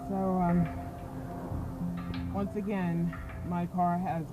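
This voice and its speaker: A woman's voice: on the low side, little pitch movement, slow, muffled recording. A woman vlogging on her phone from the roadside, worn out, frustrated and tearful. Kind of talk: casual travel vlog. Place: roadside, beside her broken-down car. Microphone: phone held by hand. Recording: loud background music.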